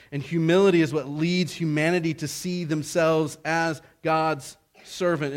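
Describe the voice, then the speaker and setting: Slow, deliberate male preacher. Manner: slow, deliberate preaching that swells in pitch and force on key points. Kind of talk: sermon.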